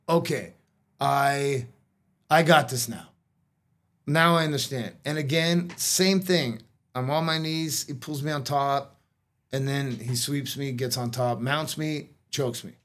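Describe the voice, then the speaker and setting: A man's voice: mid-range voice, slow pace, pauses often, fairly bright tone. Middle-aged male guest, chatty rambling storyteller, fillers and restarts, slight cough. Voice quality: coughing now and then. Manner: rambling, lots of "like" and "you know", restarts. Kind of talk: casual storytelling chat.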